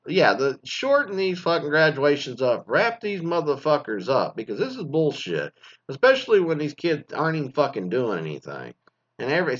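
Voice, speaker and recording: A man's voice: medium pitch, fairly bright tone, dull audio. A man in his forties, a former teacher, telling a crude story in a casual rant and swearing constantly. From Mesquite, Texas.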